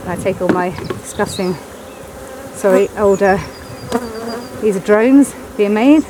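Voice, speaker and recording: A woman's voice: medium pitch, takes it slowly, long pauses. A woman beekeeper chatting bluntly and coaxing her bees while she works on a hive outdoors in the wind. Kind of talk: casual hands-on commentary while working. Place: outdoors at beehives on a windy day. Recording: loud wind and bee buzzing behind.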